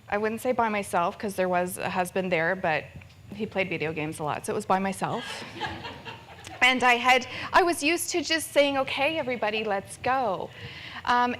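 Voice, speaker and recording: A woman's voice: mid-range voice, a bit bright, a little hiss or hum. A woman from Ontario in her thirties gives a candid, self-deprecating personal story at a fundraiser on stage, laughing often. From Ontario, Canada. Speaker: fundraiser speaker. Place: event stage with audience.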